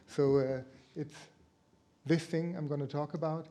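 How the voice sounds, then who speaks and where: Male conference presenter, slightly high voice, halting delivery, pauses to find words. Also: steady tone, warm tone. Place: conference breakout room.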